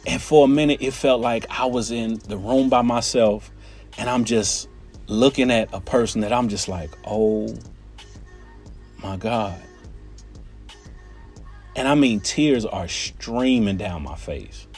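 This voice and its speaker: A man telling a personal story in an animated, conversational way, often turning to his listeners with "right?" and "y'all". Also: mid-range voice, normal speed, husky, faint music behind.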